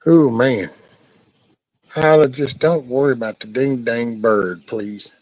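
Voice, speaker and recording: A man's voice: medium pitch, fairly even intonation, slow, darkish tone, no echo, poor audio. A middle-aged man, hosting a casual livestream chat, rambling along and breaking off now and then to scold his dog. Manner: laid-back, rambling, scolds his dog mid-sentence. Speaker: livestream host. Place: at home near a backyard chicken coop.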